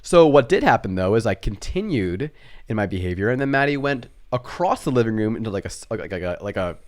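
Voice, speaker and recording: A young man with a fairly low voice tells a childhood story with lively self-mockery. His delivery is casual and chatty, and he slips into his family's voices as he goes. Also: quick pace. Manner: animated, self-mocking storyteller who acts out family voices. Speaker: podcast co-host.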